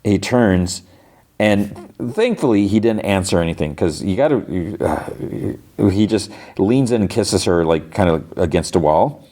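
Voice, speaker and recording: A deep-voiced man hosts a podcast and walks through an episode scene by scene. He talks casually, stringing along fillers like "like" and restarting his sentences as he goes. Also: animated, measured pace, warm tone. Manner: rambling retelling of scenes, heavy use of "like". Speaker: podcast host.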